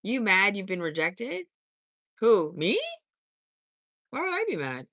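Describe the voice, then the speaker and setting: A sassy woman in her fifties who chats with live viewers in a blunt, cussing way. Her voice is bright and edgy, and her pitch swings a lot. The sound is close and dry. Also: big pitch swings, slow pace, dry recording. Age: 50s. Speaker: livestream host. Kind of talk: casual live-stream chat, answering viewer comments.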